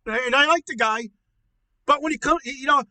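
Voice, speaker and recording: A man playing an angry middle-aged uncle in a comedy podcast, ranting loudly, swearing and stammering. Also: very high voice, moderate pace, dry recording, full character voice. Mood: furious ranting. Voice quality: shouty, profane, stammering. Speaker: podcast co-host. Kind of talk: comedic rant.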